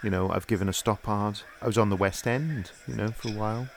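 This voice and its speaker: A man's voice: lowish voice, fairly quick, vocal fry, a little hiss or hum. A man, an actor, chatting in improvised comedy, rambling and self-important, full of hesitations.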